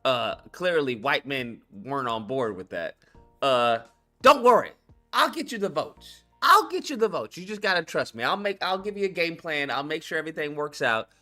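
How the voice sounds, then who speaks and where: A man's voice: a little high, expressive, moderate pace, bright, forceful tone, faint music behind. A man hosting a call-in commentary stream, ranting bluntly and swearing heavily. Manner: profane, blunt, exasperated ranting. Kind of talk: casual political commentary.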